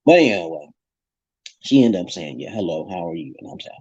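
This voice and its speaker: A man's voice: lowish voice, animated, fairly quick, darkish tone, husky, no echo. A man telling a long personal story in a casual, profane monologue, acting out the voices he quotes. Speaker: vlogger. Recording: dry, dull lo-fi sound.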